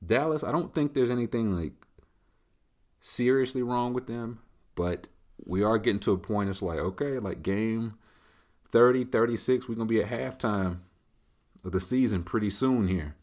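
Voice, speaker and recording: A man with a lowish voice hosts a laid-back solo show, rambling through listener questions. He drifts between thoughts and leans on conversational tags as he talks it out. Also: moderate pace, darkish tone. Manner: loose, rambling, conversational, leaning on filler tags. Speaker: host. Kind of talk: casual solo Q&A chat.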